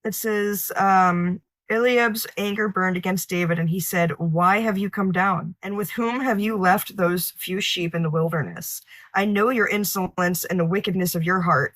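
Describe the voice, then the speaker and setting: A woman in a casual Bible study group, reading verses aloud and adding quick comments. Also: lowish voice, fairly even intonation, fairly bright tone, no echo. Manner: reads scripture aloud, quick reactions. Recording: dry, cleaned-up audio.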